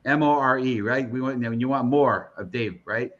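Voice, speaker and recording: A man from the American Northeast hosts a live broadcast in a casual, rambling way, full of fillers and restarts as he urges his audience on. His voice sits at an ordinary pitch. The audio is slightly dull and lo-fi. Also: normal speed. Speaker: host of a live interview broadcast. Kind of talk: casual live-stream chat.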